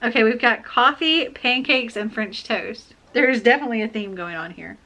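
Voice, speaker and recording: A woman with a bright, forceful voice talks through a book unboxing in a casual, chatty way. She gets excitable and gushes over each thing she pulls out. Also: on the high side, moderate pace. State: has the hiccups.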